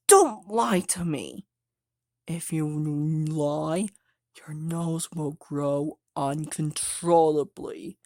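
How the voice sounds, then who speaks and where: A person rambling through a one-person pretend play, excitable, jumping between shouted lines and low murmurs. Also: female voice, no room sound, studio quality.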